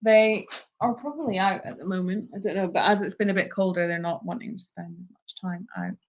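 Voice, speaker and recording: A woman's voice: mid-range voice, brisk, dull audio. A woman co-hosting a live stream from an animal sanctuary, reading out viewer questions and answering plainly. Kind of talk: casual live-stream chat.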